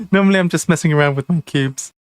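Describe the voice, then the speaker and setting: A man's voice: high-pitched, very animated, moderate pace, no room sound, clean studio sound. Chatty laughing board game streamer man. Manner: chatty, rambling, laughs often at himself. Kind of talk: casual live-stream chat while playing.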